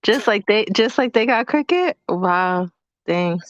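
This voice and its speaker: A woman's voice: medium pitch, expressive, unhurried, no echo. A woman co-hosting a podcast, teasing the guest in a playful, casual way. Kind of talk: casual chat. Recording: dry, dull lo-fi sound.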